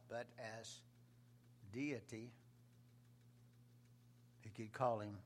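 Man preaching with sudden loud swells. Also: mid-range voice, steady tone, takes it slowly, pauses often, a little hiss or hum. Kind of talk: sermon.

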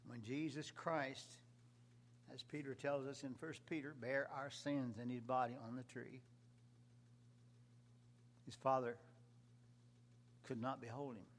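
Male preacher, mid-pitched, delivers a sermon with big loud swells and quiet drops over a faint hum. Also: fairly even intonation, slow pace, long pauses.

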